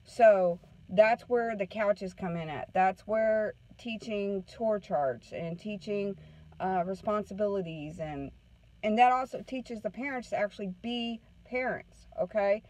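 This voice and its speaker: A woman's voice: medium pitch, unhurried, dark tone, poor audio. A woman counselor telling a story in casual talk to a group, often checking in with "okay?". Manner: chatty storytelling, keeps asking "okay?". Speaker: parenting counselor.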